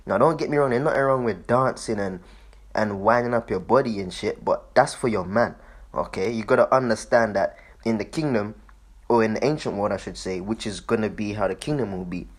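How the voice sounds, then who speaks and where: A man's voice: on the low side, fairly quick, breathy edge. A man giving loose, profane commentary on a video, laughing often and repeating himself. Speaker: online commentator.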